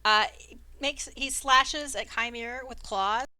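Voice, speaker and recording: A woman running a tabletop game as dungeon master, chatting casually and throwing in playful sound effects. Her voice is bright and a touch high, and it sits close and dry over an online call. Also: slow, no room sound.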